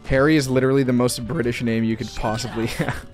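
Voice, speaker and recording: A man's voice: mid-range voice, steady tone, quick pace, faint music behind. An American man hosting a casual voice chat while gaming, chatty and laughing often, on a headset mic. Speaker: streamer host.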